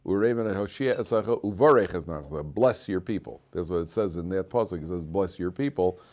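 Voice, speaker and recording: A man's voice: sits low, fast talker, darkish tone. A middle-aged man giving an informal Torah class in a classroom, joking and rambling with many restarts and fillers. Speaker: rabbi teaching a class.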